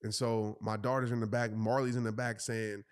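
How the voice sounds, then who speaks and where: A man, telling a story in a casual, animated way and jumping into high voices for the people he quotes. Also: normal speed, clean tone, no room sound, studio quality. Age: 30s. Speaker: host.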